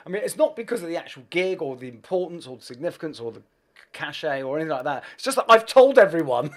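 Brief: expressive male musician guest, candid and profane, with a wide pitch range. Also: fast. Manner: swearing, self-deprecating, animated. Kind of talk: anecdotal storytelling.

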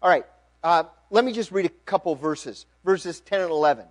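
A middle-aged man preaching, reading scripture with rising emphasis and dropping to quiet asides. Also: high-pitched, normal speed. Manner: earnest, reads aloud with rising emphasis then drops to quiet asides. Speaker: pastor.

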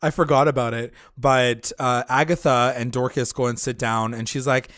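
A man's voice: mid-range voice, steady tone, moderate pace, a bit bright, no room sound, clean studio sound. A man co-hosting a podcast in loose casual chat, full of fillers and swearing.

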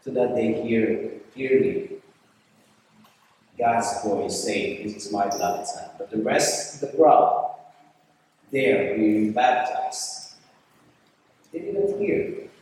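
A priest delivers a sermon at an unhurried pace, restating each line to drive it home. He is picked up from some distance, and his voice rings through a large, reverberant hall. A faint room hum sits underneath. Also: medium pitch, animated, a little mellow. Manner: deliberate, repeats phrases for emphasis. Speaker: priest leading a fellowship service. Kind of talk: sermon with scripture reading. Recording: echoey hall from far off, faint room noise.

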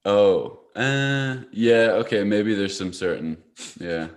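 A man's voice: fairly low pitch, animated, slow. A Scottish man co-hosting a podcast, bantering and teasing in casual chat. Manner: teasing, jokey. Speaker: podcast co-host.

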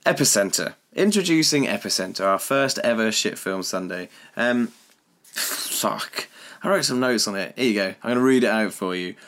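A man's voice: lowish voice, expressive, normal speed, fairly bright tone. A man co-hosting a podcast, bantering in a jokey, self-mocking way and swearing casually. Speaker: podcast co-host.

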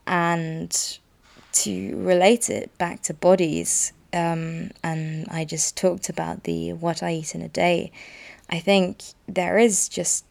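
A woman's voice: lowish voice, little pitch movement, slow, creaky, darkish tone. A woman in her twenties hosting a solo podcast, talking candidly in a rambling, self-deprecating way. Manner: rambling and self-deprecating, free-flowing with frequent laughs. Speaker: podcast host.

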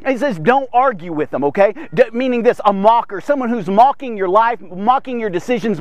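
High-voiced, excitable man preaching. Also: dry recording. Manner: energetic, punctuates with "okay?"; acts out biblical speakers in a raised voice. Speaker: devotional podcast host. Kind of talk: informal devotional preaching.

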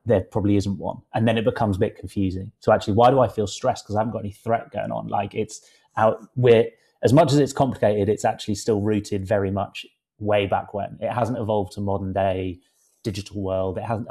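A man with a fairly low voice thinks aloud in a relaxed podcast conversation. He wanders through his points, reflective and heavy on fillers. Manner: reflective, rambling with many fillers. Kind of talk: casual podcast chat.

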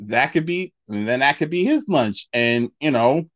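A man's voice: mid-range voice, lively intonation, normal speed, fairly bright tone. A man co-hosting a casual podcast, telling a story with lots of restarts and fillers. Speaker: podcast co-host. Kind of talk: casual chat.

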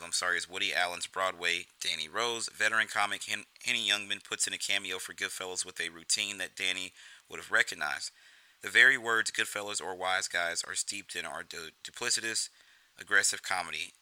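A man's voice: low-pitched, sharp tone, clear, resonant tone, no room sound, low-quality recording. A man giving casual film commentary in a profane, rambling way, often restarting his sentences.

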